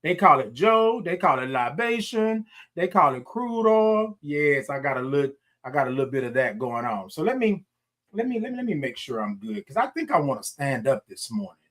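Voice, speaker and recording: A man's voice: on the high side, big pitch swings, moderate pace, a bit bright. Folksy Texan man hosting a morning stream. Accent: Southern US, Texas. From Houston, Texas. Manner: folksy, repeats himself, greets viewers by name. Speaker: morning show host. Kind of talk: casual livestream chat.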